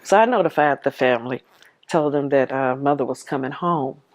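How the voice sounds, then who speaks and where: A woman's voice: extremely low pitch, moderate pace. A woman telling her life story to the camera, heartfelt and vivid, replaying old conversations as dialogue. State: tearful at moments.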